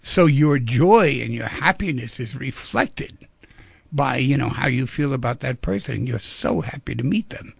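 A man hosting a radio call-in show, talking in an animated, playful storytelling way into a studio microphone. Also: mid-range voice, measured pace, vocal fry, breathy edge, dry recording. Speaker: radio talk show host.

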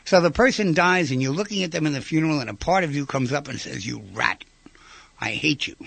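Delivering an informal, conversational lecture, a man fires rhetorical questions at his listeners and briefly acts out quoted voices. He speaks fast in a fairly high, slightly bright voice with vocal fry, and the recording has no room sound.

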